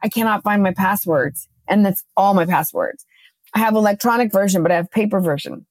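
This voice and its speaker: A woman co-hosting a podcast, chatting casually and telling a lively story, acting out her own quotes. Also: mid-range voice, brisk, no echo. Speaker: podcast co-host.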